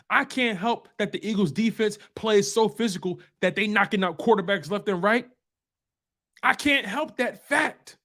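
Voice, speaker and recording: A man's voice: high voice, a bit bright. A man hosting a live-streamed football show, talking in an emphatic, repetitive trash-talk style full of slang. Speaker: sports show host.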